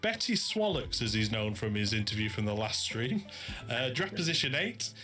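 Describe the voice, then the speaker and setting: A man hosting a livestream, introducing players in a playful, animated way. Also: medium pitch, moderate pace, soft background music. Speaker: host.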